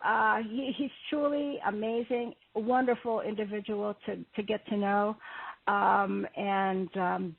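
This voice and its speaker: Woman host, loose and chatty, husky higher voice over a tinny phone line. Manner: chatty, rambling, frequent fillers and restarts. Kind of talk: casual call-in show talk.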